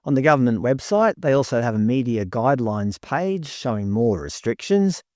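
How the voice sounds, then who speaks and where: Sarcastic man, lively voice. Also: mid-range voice, moderate pace, no echo, studio quality. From Australia. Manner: sarcastic, indignant. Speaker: commentary vlogger. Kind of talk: scripted commentary.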